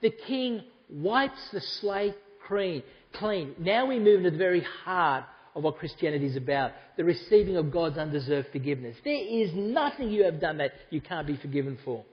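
A man's voice: a little high, lively intonation, quick pace, few pauses, in a large hall, muffled recording. A man preaching a sermon to a congregation, talking conversationally and making asides to the people in front of him. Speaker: pastor. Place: church hall.

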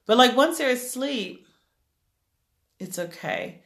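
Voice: mid-range voice, slow pace, vocal fry, a little hiss or hum. A parent chatting casually about their kids' bedtime. The parent tells stories with lots of laughter and keeps dropping "like" between phrases. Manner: animated, peppered with "like", laughing storyteller. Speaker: parent sharing bedtime struggles. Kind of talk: casual chat. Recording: roomy echo.

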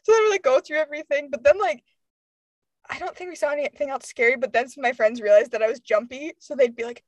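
In a dry recording with the highs cut off, a woman in her twenties quickly narrates a story in a high voice during casual talk. Laughing a lot, she animatedly performs the voices of her friends.

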